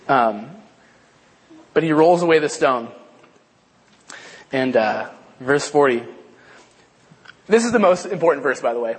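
A man giving a casual Bible lesson, halting and repeating himself with many fillers. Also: fairly high pitch, expressive, breathy edge. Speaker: Bible study teacher. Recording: long hall reverb.

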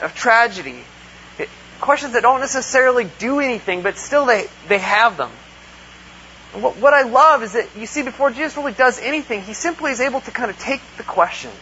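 Bright high-voiced man preaching, lo-fi. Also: animated, fairly quick. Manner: earnest, with rhetorical questions and acted-out quotes. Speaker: pastor. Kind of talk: conversational sermon. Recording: dull lo-fi recording with faint hum.

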